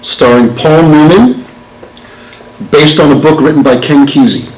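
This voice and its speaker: A lawyer in his sixties gives a live talk in a meeting hall, joking with the audience and quizzing them. His voice is a little high and a little slow, and the recording has a roomy hall sound with faint noise.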